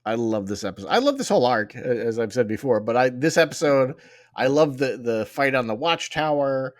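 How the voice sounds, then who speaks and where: An eager fan of a man in casual podcast chat, who keeps saying how much he loves every scene. His pitch jumps up and down, and the recording sounds close and dry, with no room around it. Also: expressive, a little fast, no room sound. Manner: enthusiastic fan, keeps repeating "I love that". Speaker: podcast co-host. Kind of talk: casual chat reviewing a cartoon episode.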